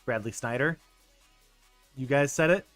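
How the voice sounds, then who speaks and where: Excitable man streaming a baseball game. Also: mid-range voice, measured pace, no echo. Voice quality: excitable, stumbling restarts, laughs often. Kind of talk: casual gameplay commentary talking to chat. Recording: dry close mic with faint game music.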